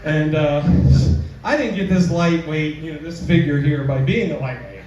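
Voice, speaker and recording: A man with a fairly high voice performs stand-up at a slow, unhurried pace. He is picked up from a distance in a very echoey club, with faint room noise behind him. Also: darkish tone, lo-fi sound. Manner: slow, drawn-out delivery with squealing voices for the girls. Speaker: stand-up comedian. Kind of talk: live stand-up set. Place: small comedy club stage.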